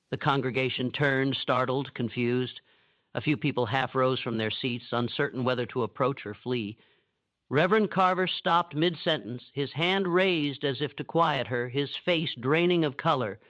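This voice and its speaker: Man narrating a dark history story. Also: a little high, no room sound, lo-fi sound.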